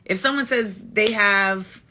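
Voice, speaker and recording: A woman's voice: medium pitch, takes it slowly, sharp tone, slight background noise. A woman hosting a casual livestream monologue into a phone, blunt and emphatic, restating her points again and again. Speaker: livestream host.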